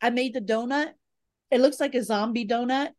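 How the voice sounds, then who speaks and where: A woman hosting a podcast in casual chat, bubbly and quick to laugh. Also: on the high side, darkish tone, no echo, clean studio sound. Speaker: podcast host.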